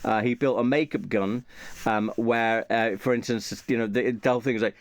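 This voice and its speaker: A man's voice: on the low side, steady tone, fast talker, dry recording. A man chatting casually and rambling, with many fillers and restarts. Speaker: channel host.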